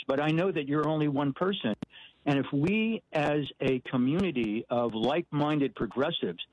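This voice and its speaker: A man's voice: fairly high pitch, breathy edge, no echo. Man, radio caller, rambling and full of ums, dull dry phone line. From Washington state, US. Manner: rambling, hesitant, many fillers and backtracks. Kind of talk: phone-in call to a talk show.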